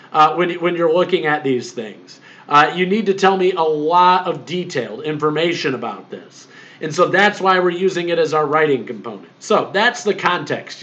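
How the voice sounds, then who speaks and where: A man with a fairly high voice lectures on exam expectations as a history instructor. He explains plainly and with emphasis, repeats himself often, and fills gaps with "uh" and "um." The recording sounds muffled and lo-fi. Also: fairly bright tone.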